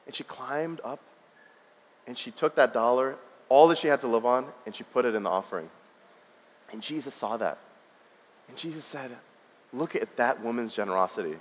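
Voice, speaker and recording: A man's voice: medium pitch, expressive, moderate pace, pauses often. A man in his thirties preaching a sermon, telling a personal story in a conversational way with frequent restarts. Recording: long reverb of a large hall.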